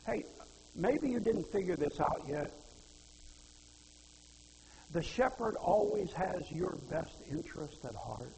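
Gravelly high-voiced preacher in a hall. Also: male voice, animated, slow pace, long pauses, darkish tone, slight background noise. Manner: folksy, rhetorical questions, quotes scripture. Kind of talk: sermon. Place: church hall. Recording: reverberant hall.

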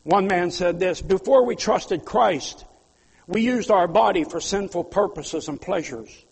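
A man preaching a sermon, his voice high and gravelly with a husky edge. He rises into loud pleas, then drops to quiet asides. A long hall reverb trails behind every phrase. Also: measured pace. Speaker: pastor.

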